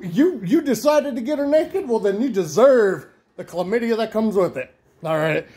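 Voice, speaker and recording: A man ranting crudely to camera in a rowdy, rambling comedic vlog. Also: very high voice. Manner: rowdy, profane, rambling storytelling. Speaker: vlogger.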